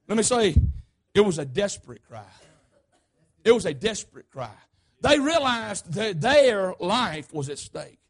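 A man preaching a sermon, emphatic and repetitive, calling out to the congregation and swinging between shouts and hushed asides. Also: extremely high pitch, big pitch swings, brisk. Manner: emphatic, repetitive, call-and-response.

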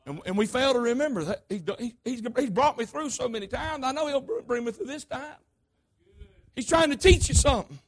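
A man preaching a sermon, emphatic and repetitive, calling out to the congregation and swinging between shouts and hushed asides. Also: very high voice, lively intonation, normal speed, long pauses. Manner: emphatic, repetitive, call-and-response.

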